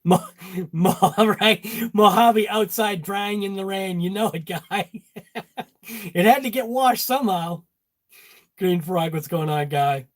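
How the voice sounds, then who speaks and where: A man hosting a casual chat in his garage workshop, joking and talking to viewers by name. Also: high-pitched. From Massachusetts. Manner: jokey, talks to viewers by name. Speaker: channel host.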